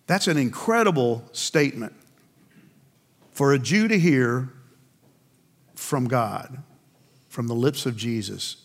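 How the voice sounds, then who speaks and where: A man's voice: medium pitch, big pitch swings, a little slow, pauses often. A man preaching a sermon. He keeps asking the congregation questions and answering them himself, and he acts out the voices in the story. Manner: acts out biblical voices in quotes. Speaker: pastor.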